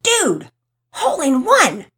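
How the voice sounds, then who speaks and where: A woman voicing a loud, excitable schoolboy who is a brash joker and shouts his lines. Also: sits high, slow, voice pushed up, heavily acted. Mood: whooping.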